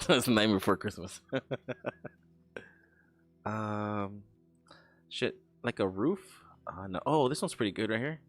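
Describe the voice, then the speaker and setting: A young man chats loosely on a stream as he works, trailing into stories and dropping curses along the way. His voice sits a little low. Faint music plays quietly behind him. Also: slow pace, pauses often. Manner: rambling, swearing, laughing storyteller. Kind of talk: casual chat while working on an animation.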